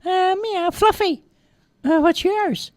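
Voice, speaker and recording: Sly little girl kitten for a storybook, very high and mewing, dry close sound. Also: slow pace, dry recording. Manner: very high squeaky voice with meows.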